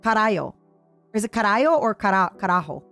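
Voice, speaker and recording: A young woman from Canada chatting casually on a livestream, giggly and given to high squeals and snatches of song. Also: expressive, a little fast, fairly bright tone, faint music behind. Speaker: streamer.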